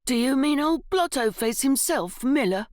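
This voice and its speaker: A woman's voice: high voice, expressive, normal speed, a little mellow, dry recording, studio quality, pitched above the performer's own voice. A woman voicing an insolent older schoolboy with a whiny, sulky drawl. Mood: mocking.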